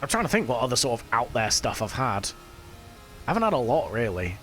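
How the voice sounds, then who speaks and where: A man's voice: mid-range voice, sing-song, fairly quick, fairly bright tone. Chatty man streaming. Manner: chatty, swears casually, reads and answers chat while playing. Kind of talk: casual live-stream chat. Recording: faint music behind.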